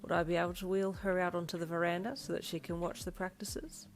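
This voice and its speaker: Soft slow old guy, woman reading him, low-ish voice, kinda frail and thankful. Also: little pitch movement, lightly acted. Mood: gentle. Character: frail elderly man, gentle and grateful.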